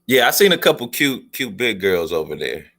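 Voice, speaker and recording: A man's voice: on the low side, sing-song, moderate pace, fairly bright tone. A man from the US, hosting a casual chat and asking laid-back questions. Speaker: host.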